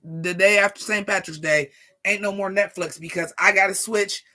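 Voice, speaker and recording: A vlogger in their forties ranting casually to viewers in a profane, sassy, animated way. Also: mid-range voice, moderate pace. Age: 40s. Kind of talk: casual rant to camera.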